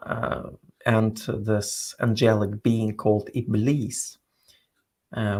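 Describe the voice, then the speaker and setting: Slow, gravelly man explaining at length. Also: fairly low pitch. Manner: halting, searching for words, explanatory. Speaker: guest scholar. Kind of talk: scholarly interview talk.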